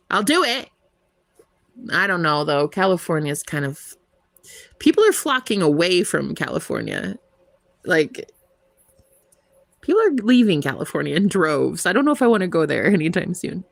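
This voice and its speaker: Young woman, US-American, talks to her stream viewers, giggly, rambling, lively voice that jumps around, dry close sound. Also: lowish voice, vocal fry, dry recording. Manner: giggly, rambling, playful, lots of "like". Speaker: tarot reader livestream host. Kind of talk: casual chat with live viewers.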